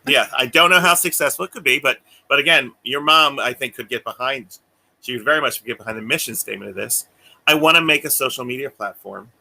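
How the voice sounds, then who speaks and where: A man's voice: mid-range voice, fast talker, creaky, bright, forceful tone. A man co-hosting a podcast in casual chat, rambling and often laughing as he acts out the voices of the people he quotes. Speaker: podcast co-host.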